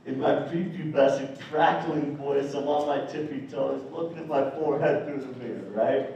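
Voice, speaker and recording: A young man giving an energetic, storytelling motivational speech at a school assembly, talking straight to the kids. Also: medium pitch, moderate pace, lo-fi sound, slight background noise. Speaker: motivational speaker. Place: school gym or auditorium. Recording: echoey hall, mic from far off.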